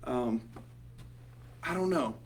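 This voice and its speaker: A man's voice: mid-range voice, expressive, slow. A man with a Southern accent leading a small group Bible study, talking casually and rambling, with lots of ums and "you know". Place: small group meeting room. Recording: distant mic with faint hum.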